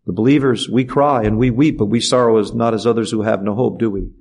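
A man's voice: on the low side, fairly even intonation, fast talker, a little mellow. A middle-aged man preaching a sermon in an earnest way, asking the congregation rhetorical questions. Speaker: pastor.

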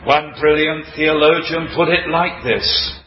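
A man preaching a sermon with emphatic, dramatic delivery and sweeping changes in pitch. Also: unhurried. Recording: dull, roomy hall recording with faint noise.

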